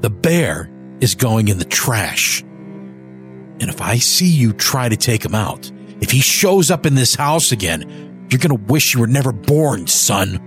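A man voicing a drunk, furious middle-aged father who yells threats at his son. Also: medium pitch, sing-song, unhurried, soft background music. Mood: threatening. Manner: yelling, threatening.

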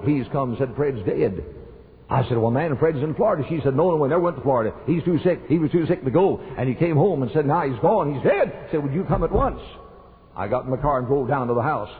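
An older man preaching a sermon, telling a personal story with emphatic rises in his voice. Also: medium pitch. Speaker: pastor. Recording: tinny phone-like sound in a reverberant hall.

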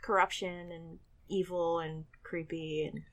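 A woman's voice: lowish voice, flat delivery, measured pace. A woman co-hosting a podcast, chatting about a film and giggling often. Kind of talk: casual podcast chat.

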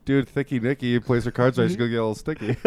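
A man's voice: mid-range voice, a little mellow, clean tone. A young man in crude casual banter, joking, swearing and laughing often.

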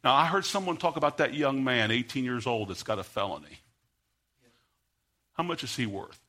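American man, preacher, bright forceful voice, storytelling sermon that swells into fiery preaching. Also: medium pitch, lively intonation, normal speed. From United States. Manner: builds from quiet storytelling to loud, fervent preaching.

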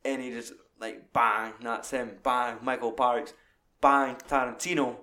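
This man talks through a film as a podcast co-host. He swears freely and gets worked up with enthusiasm. His voice sits at an ordinary middle pitch. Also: level tone, unhurried, sharp tone. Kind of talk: casual film chat.

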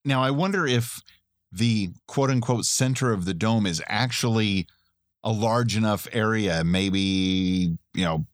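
A man's voice: on the low side, a little slow, no room sound, studio quality. A middle-aged man co-hosting a podcast in casual chat, rambling and chatty, laughing often. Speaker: podcast co-host.

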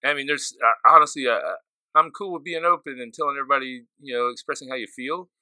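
A man co-hosting a podcast, easygoing and animated, who laughs often while he talks. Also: medium pitch, fast talker, no room sound. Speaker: podcast co-host. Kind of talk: casual chat.

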